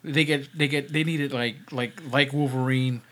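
A man's voice: mid-range voice, steady tone, normal speed, fairly bright tone. A man co-hosting a casual podcast, rambling with lots of repeated words and swearing. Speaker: podcast co-host. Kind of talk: casual chat.

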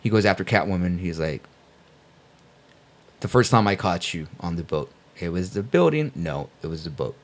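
Male podcast host, lowish voice, casual and profane comic book chat. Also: lively intonation, normal speed. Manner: laid-back, swears a lot, says dude.

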